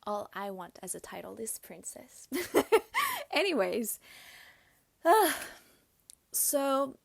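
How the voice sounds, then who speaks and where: A young woman chats through personal stories, often sinking into a confiding whisper before picking back up. Her voice sits at a middling pitch and has a gravelly fry. The recording is close and dry. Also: lively intonation, measured pace, no room sound. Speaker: podcast host. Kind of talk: casual storytelling chat. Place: at home, doing makeup.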